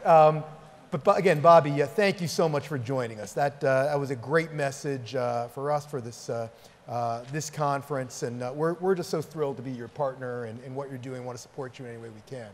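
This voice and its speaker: A man's voice: mid-range voice, a little fast. A man hosting a conference Q&A on stage, talking hesitantly with many fillers. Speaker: conference host. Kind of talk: moderating a stage Q&A. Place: large conference hall. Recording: reverberant hall, audience, faint noise.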